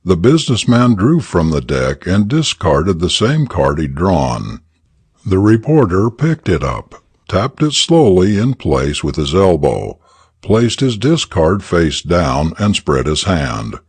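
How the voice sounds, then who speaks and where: A man narrating a story for English learners in an expressive, deliberate reading. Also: sits low, husky, no room sound.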